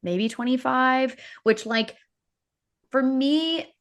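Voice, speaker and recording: A woman's voice: sits high, slow pace. A woman co-hosting a podcast, talking casually about her reading, often correcting herself and laughing. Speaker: podcast co-host. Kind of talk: casual chat about books.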